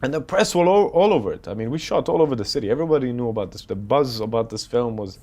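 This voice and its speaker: Speaking quickly in a mid-range voice, this Emirati film director in his thirties shares stories during a relaxed interview. He is animated and quotes others as he goes, performing their lines.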